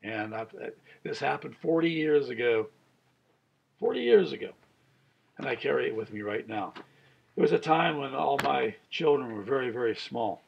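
Gravelly, husky older male preacher. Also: medium pitch, highs cut off. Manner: earnest, chuckling storyteller. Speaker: pastor. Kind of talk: Bible study sermon with personal story.

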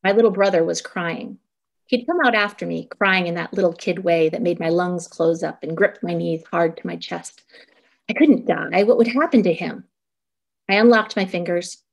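A woman's voice: on the low side, gravelly. A woman in her thirties reading her own prose poetry aloud at a community reading, with an intense, vivid delivery.

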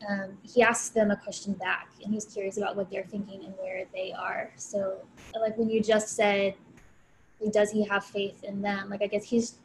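A woman's voice: medium pitch, flat delivery, normal speed, low-quality recording. Woman, group participant, thoughtful, faint background noise. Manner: thoughtful, uses "like" often. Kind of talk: casual discussion.

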